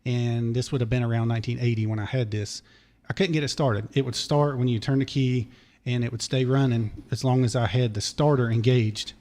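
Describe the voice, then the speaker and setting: A hoarse, mellow-voiced man in his fifties with a drawl, easing through a long story as a podcast guest. He wanders into side details and loops back before carrying on. His tone sits warm and low at an even, middling pitch. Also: brisk. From Charlotte area, North Carolina. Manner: digressive, detail-heavy storyteller. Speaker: podcast guest, former race mechanic. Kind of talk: long rambling story told in casual chat.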